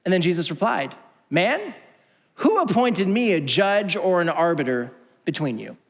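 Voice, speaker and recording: In a church auditorium, a pastor with a notably high voice delivers a sermon at a normal speed, animatedly acting out each speaker and dropping from full volume to a hush. Every phrase is followed by the hall's long reverb.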